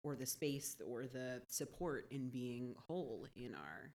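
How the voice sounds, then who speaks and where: Low-voiced woman thinking aloud. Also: animated, measured pace, a little mellow. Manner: thoughtful, keeps checking in with "right?". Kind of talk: conversational podcast chat.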